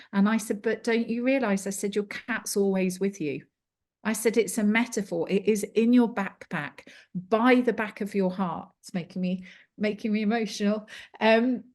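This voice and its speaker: A middle-aged British woman with a British accent, a clairvoyant telling a reading story in an interview, with many ums. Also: medium pitch. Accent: British English. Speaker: clairvoyant and yoga teacher.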